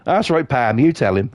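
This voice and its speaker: A man's voice: on the high side, no echo. Blunt, sweary British man streaming. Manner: blunt, swears freely, laughs often. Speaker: live game streamer. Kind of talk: casual live-stream chat.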